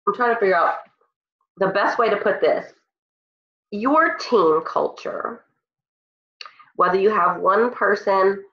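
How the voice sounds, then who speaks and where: A congested woman with a medium-pitched, pushed, bright voice leads her team on a call, sounding earnest, emotional and motivational through her cold. The phone or computer audio is roomy, dull and lo-fi.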